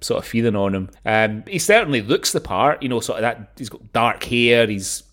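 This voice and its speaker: A man's voice: mid-range voice, expressive, moderate pace, a bit bright. A man co-hosting a podcast, chatting casually about a film, often restarting sentences and swearing freely. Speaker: podcast co-host.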